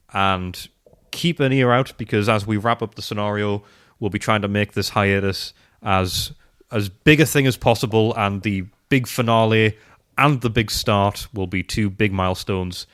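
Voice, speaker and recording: Guy on a podcast, kinda low voice, chatty and self-mocking. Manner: chatty, self-deprecating, trails off and restarts. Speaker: podcast co-host. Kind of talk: casual chat.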